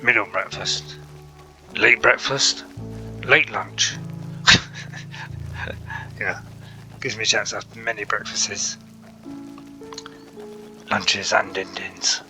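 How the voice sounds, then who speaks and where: A man hosting a casual gaming video, chatting and dropping joking asides as he plays. His voice is very bright and edgy. Faint music runs behind him. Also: on the low side, slow pace, pauses often, low-quality recording. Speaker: gaming channel host. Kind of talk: casual game commentary. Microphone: console app chat mic.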